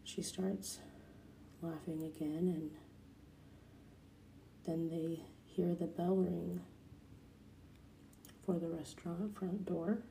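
A soft-spoken woman retelling a cartoon episode, at times dropping into a whisper. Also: fairly low pitch, level tone, slow pace, creaky, long pauses, reverberant, a little hiss or hum, poor audio. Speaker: narrator.

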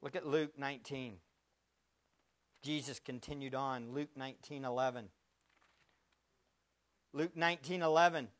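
A male pastor preaching a sermon, firing rhetorical questions at the congregation and swinging from loud bursts to hushed words. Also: mid-range voice, fairly even intonation, a little slow, pauses often.

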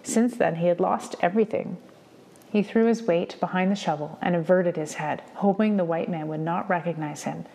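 A woman reads a novel aloud to students, chapter by chapter, in a steady, measured way. Her voice sits low with a gravelly, creaky texture. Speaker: reader.

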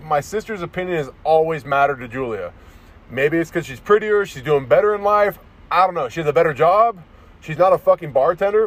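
A man ranting in a casual monologue as a vlogger, profane and rambling, restarting his sentences often. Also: sits high.

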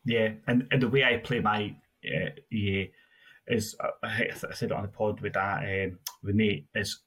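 Husky low-voiced man rambling about stats. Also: fairly even intonation, moderate pace, fairly bright tone. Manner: rambling, restarts often, lists stats. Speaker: podcast co-host. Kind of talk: casual gaming podcast chat.

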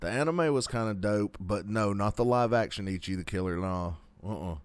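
A man's voice: on the low side, moderate pace, clear, resonant tone. A man hosting a podcast, chatting casually and joking with frequent laughs. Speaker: podcast host. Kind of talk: casual chat.

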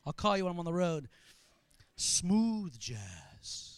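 Guy preaching a sermon, really high voice, smooth tone, dry sound, funny storytelling. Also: racing, dry recording. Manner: animated storytelling with humor. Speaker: pastor.

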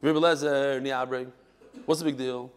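A man teaching a Talmud class, explaining a passage with animated exclamations and quiet asides, mixing in Hebrew and Aramaic terms. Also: mid-range voice, unhurried, smooth.

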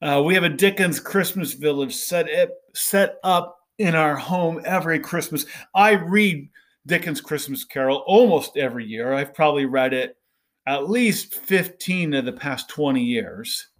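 Fairly high-pitched and unhurried, a middle-aged man on his podcast addresses fundraisers in an earnest, preachy monologue. He keeps checking in with his listeners by asking "right?"

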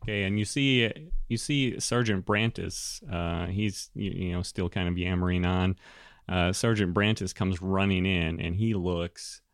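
A man narrating a tabletop game as game master, halting with many fillers. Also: deep voice, clear, resonant tone, dry recording, clean studio sound.

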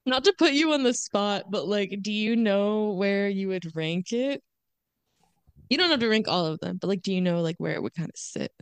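A woman's voice: mid-range voice, lively intonation, normal speed, clean tone, no room sound. A woman co-hosting a film podcast, chatting casually and hedging with "like". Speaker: podcast co-host. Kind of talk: casual chat.

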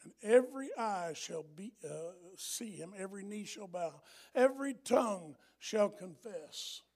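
A middle-aged man preaching a sermon, emphatic and repetitive, swinging from hushed lines to loud ones. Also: high-pitched, lively intonation, unhurried, vocal fry. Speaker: pastor.

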